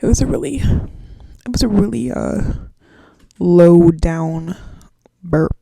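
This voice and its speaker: A woman's voice: fairly low pitch, lively intonation, slow pace, vocal fry, warm tone, dry recording. A woman in her twenties hosting a podcast solo, rambling in casual slang and swearing freely. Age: 20s. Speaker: podcast host.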